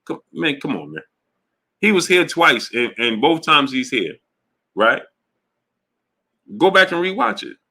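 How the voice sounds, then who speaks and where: A man hosting a boxing livestream, talking casually to his chat in an animated, emphatic way, often repeating himself. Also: on the high side, unhurried, pauses often. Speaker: boxing show host.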